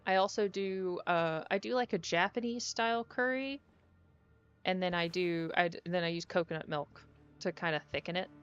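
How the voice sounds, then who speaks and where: A young woman streaming as she plays, chatting casually and getting easily excited as she muses aloud. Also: on the low side, normal speed, clear, resonant tone. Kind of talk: casual stream chat while playing. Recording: dull lo-fi audio with faint music.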